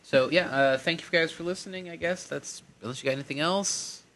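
A man's voice: a little high, a little fast, a bit bright. A man co-hosting a casual podcast, crude and joking in his banter. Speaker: podcast co-host.

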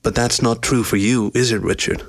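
A man voicing a sharp-tongued adult lioness in a storybook reading, clipped and scornful. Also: mid-range voice, fairly even intonation, normal speed, lightly acted. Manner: clipped, scornful, rising when angry.

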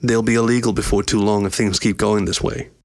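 A man's voice: lowish voice, steady tone, a little fast, creaky, dry recording, studio quality. Man reading as Richard, a terse, mumbling lion. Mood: guarded. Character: male lion, gruff, defensive and devoted.

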